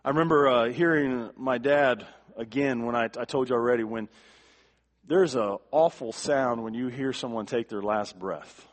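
A male pastor delivering a sermon, emphatic, repeating words for stress and swinging from quiet to forceful. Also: mid-range voice, normal speed.

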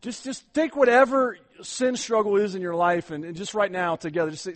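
A man's voice: high-pitched, lively intonation, a little fast, hardly any pauses. A man preaching a sermon as pastor, urging his congregation on emphatically and often repeating words as he goes.

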